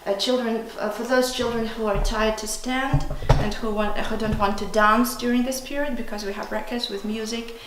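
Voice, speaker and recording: A woman's voice: a little high, steady tone, normal speed, hardly any pauses. A woman teacher with a Russian accent giving a patient classroom demonstration lesson, chanting syllables in a sing-song way. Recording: echoey classroom with background noise.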